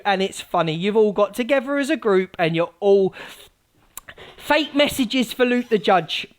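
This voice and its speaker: A woman hosting a live stream, ranting scathingly at rivals, mocking them and swinging from loud outbursts to low mutters. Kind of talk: heated live-stream rant.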